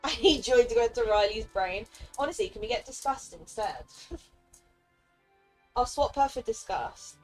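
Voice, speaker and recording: A woman's voice: on the high side, lively intonation, moderate pace, long pauses, soft background music, poor audio. A young woman streaming a game, chatting casually with viewers, laughing often and briefly slipping into playful character voices. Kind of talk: casual live-stream chat.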